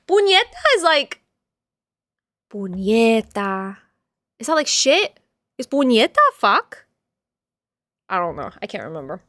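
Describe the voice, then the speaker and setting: A woman's voice: high-pitched, pushed and bright, no room sound, studio quality. A woman hosting a livestream, chatting casually with viewers in a playful, rambling way and laughing often. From father from Puerto Rico. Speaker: livestream host reading chat.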